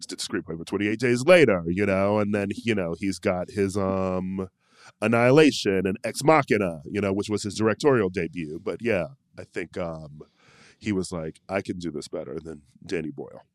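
A man's voice: sits low, normal speed, dry recording, clean studio sound. A man co-hosting a podcast in casual chat, chatty and prone to tangents, laughing often. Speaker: podcast co-host.

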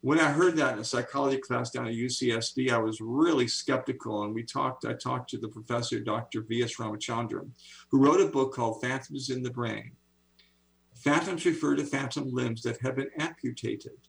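Gravelly older guy in his 70s, super enthusiastic storyteller, on a video call. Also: medium pitch, fairly even intonation, fairly quick, low-quality recording. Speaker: author and speaker, interview guest. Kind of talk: interview storytelling.

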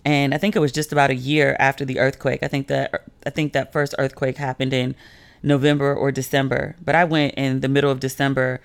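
A woman hosting a casual solo podcast, telling stories in a chatty way with lots of "like" and lively quoted voices. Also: brisk, clean tone, no echo. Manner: chatty storytelling, heavy use of "like", swings pitch when quoting people. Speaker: podcast host.

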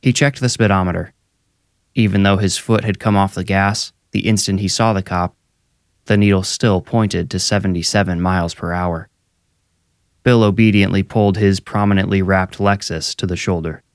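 Low voiced guy reading a creepy story, steady, dry close sound. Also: no room sound. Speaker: narrator. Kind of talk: scripted horror story narration.

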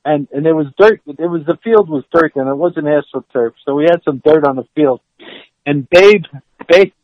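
Animated man telling a story. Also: a little high, no room sound, dull audio. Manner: animated, laughing, acts out quotes. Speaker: former player telling stories. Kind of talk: storytelling interview.

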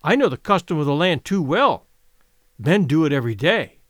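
A man's voice: a little high, big pitch swings, normal speed, no room sound, studio quality. A man voicing a pleading, passionate wealthy widow in a dramatic audiobook reading. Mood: coaxing. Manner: impassioned, pleading.

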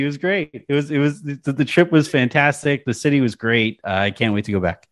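A man's voice: mid-range voice, brisk. Rambling man telling stories on a podcast. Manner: rambling, many restarts, animated storytelling. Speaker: podcast guest, sports writer. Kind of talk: casual podcast chat.

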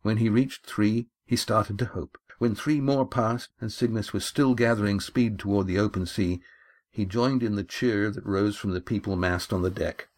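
A man reading his own adventure novel aloud in a measured, steady storytelling manner. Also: lowish voice. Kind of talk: audiobook narration.

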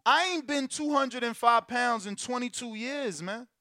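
A man's voice: extremely high pitch, moderate pace, sharp tone, no echo, studio quality. A man in his forties hosting a call with fighters, brash and profane, lecturing them in a casual way. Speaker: event promoter hosting a call.

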